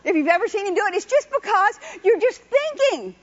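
A woman's voice: very high voice, sing-song, brisk, a little hiss or hum. A woman preaching a sermon, telling chatty personal stories and urging listeners on. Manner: chatty, exhorting, laughs often. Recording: dull lo-fi recording.

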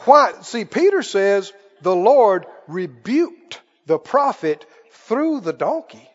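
In a sermon, a preacher with a very high voice tells a story dramatically, pausing often for rhetorical questions. He speaks slowly with big pitch swings, and the church sanctuary adds a long reverb to a dull, muffled recording.

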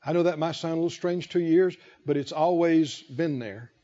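A man preaching a sermon, emphatic and repetitive, who slows to stress key phrases and rises in fervor. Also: on the high side, warm tone. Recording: dull lo-fi recording.

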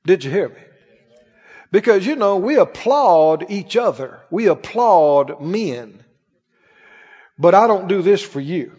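A middle-aged man preaching a sermon as pastor, emphatic and animated, with sudden exclamations. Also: sits high, slow, pauses often, husky. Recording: dull recording with long hall reverb.

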